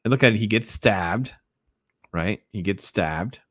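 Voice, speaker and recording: A man's voice: on the low side, a little slow, no room sound, studio quality. A man chatting casually and enthusiastically about comic books, rambling with lots of fillers. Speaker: comic book collector. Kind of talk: casual video chat.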